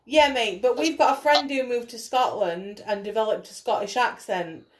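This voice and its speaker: A woman in casual film chat, quick to pick at the film's flaws. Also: a little high.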